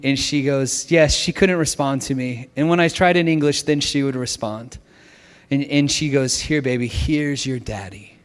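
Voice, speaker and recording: A male pastor in his thirties telling a personal story in a sermon, moving from brisk, lively narration to hushed, emotional passages. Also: on the high side, big-room sound.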